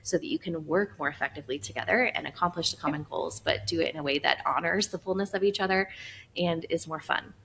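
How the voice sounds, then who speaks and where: A woman in her thirties, a guest on a podcast interview, talking in a chatty, animated way with lots of fillers and laughs. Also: lowish voice, fast, vocal fry, slight background noise, low-quality recording. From Florida. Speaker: guest, founder of an Enneagram training company.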